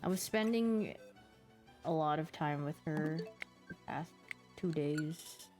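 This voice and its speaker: A woman's voice: sits low, takes it slowly, darkish tone, soft background music. A woman streamer chatting casually and giggling, acting out her pet's reactions as she talks. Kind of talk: casual chat.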